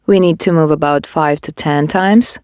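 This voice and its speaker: A woman demonstrating a facial care technique, giving calm step-by-step instructions. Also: sits low, normal speed, clean tone, no room sound. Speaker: beauty device instructor.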